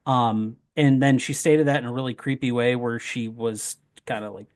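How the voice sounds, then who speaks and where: A young man in casual conversation, drifting into rambling asides and quick jokes. His pitch sits in an ordinary middle range, and his talk is loose and full of fillers. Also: steady tone, darkish tone. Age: young adult. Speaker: wrestling promoter guest. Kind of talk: casual podcast chat.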